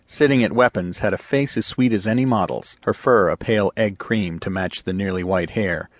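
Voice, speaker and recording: A man narrating a science fiction audiobook in a steady, even storytelling manner. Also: on the low side, normal speed, no echo. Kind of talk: scripted narration.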